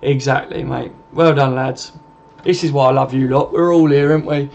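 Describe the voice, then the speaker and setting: A man reading viewer comments on a casual live stream talks in a matey, chatty way, swearing freely and addressing viewers as mate. His voice is medium-pitched and steady at normal speed, with vocal fry and a darkish tone. Audio is slightly muffled, with faint background noise.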